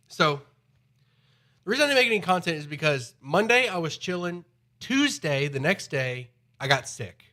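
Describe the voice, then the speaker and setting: A man's voice: fairly high pitch, very animated, moderate pace, pushed and bright. A man live streaming from home, chatting in a rambling way, his voice slightly nasal from a cold. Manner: rambling, chatty, repeats himself. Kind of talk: casual chat.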